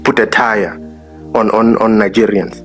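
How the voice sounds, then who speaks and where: A man's voice: on the low side, level tone, a little slow, soft background music. A man on a live-stream panel debate, earnest and hesitant, with many fillers, talking into his phone. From South Africa.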